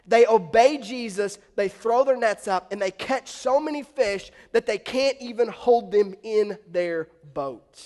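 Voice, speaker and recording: High-voiced preacher in a reverberant hall. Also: male voice, normal speed, few pauses. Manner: conversational storytelling, asks the congregation questions. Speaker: pastor. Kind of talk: sermon.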